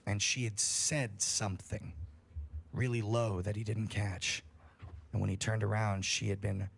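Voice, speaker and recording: A man's voice: on the low side, flat delivery, unhurried, gravelly, husky. A man on a livestream telling a scary story in a casual, profane way, building suspense. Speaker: streamer.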